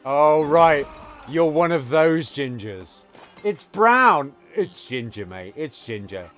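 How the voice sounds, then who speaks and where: A man's voice: a little high, lively intonation, slow, fairly bright tone, soft background music. A man, cracking crude teasing jokes in casual podcast banter. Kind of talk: casual chat.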